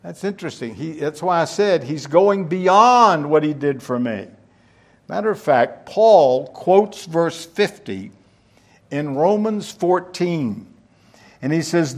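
Slow, higher-voiced male preacher. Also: lively intonation. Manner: teaching verse by verse, asks the listeners questions. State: out of breath. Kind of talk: sermon.

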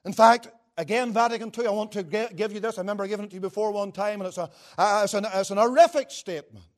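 A man preaching a sermon with passion, rising to loud declamation and dropping to quiet, low asides. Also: fast talker.

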